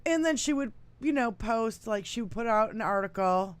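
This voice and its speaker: An American woman co-hosting a political talk show, chatting casually, swearing freely and breaking into loud laughter. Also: fairly high pitch, normal speed, clear, resonant tone, no echo. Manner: profane, laughs loudly, animated. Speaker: podcast co-host.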